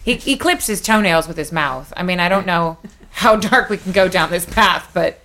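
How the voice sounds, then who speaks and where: An American woman hosting a podcast, bantering quickly and laughing often in casual chat. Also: on the low side, expressive, sharp tone. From United States. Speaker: podcast host.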